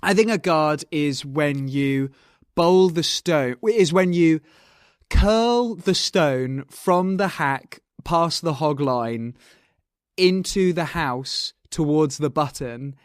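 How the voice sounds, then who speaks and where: A man's voice: on the high side, slow pace, clean tone, no echo, studio quality. A man co-hosting a comedy podcast, chatting in a jokey, casual way. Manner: jokey, slips into silly put-on voices. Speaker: podcast co-host.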